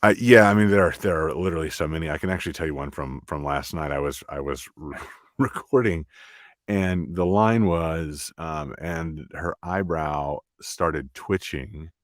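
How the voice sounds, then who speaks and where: A middle-aged man from the American South, an audiobook narrator chatting in an interview in a halting way with many restarts. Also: rumbling low, no echo, studio quality. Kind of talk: casual interview chat.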